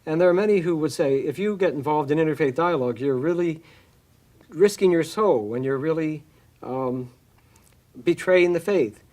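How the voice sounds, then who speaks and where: A man's voice: fairly high pitch, normal speed, a little mellow. A man from a church speaking in an interview, thoughtful and hesitant, with many fillers and restarts. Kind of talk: reflective interview talk.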